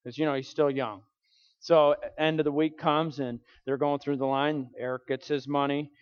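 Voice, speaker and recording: A man's voice: on the high side, flat delivery, moderate pace, smooth. A man preaching in a conversational way, telling a family story and acting out the people in it. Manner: conversational, acts out quoted voices. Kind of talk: storytelling sermon. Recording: dull sound with long hall reverb.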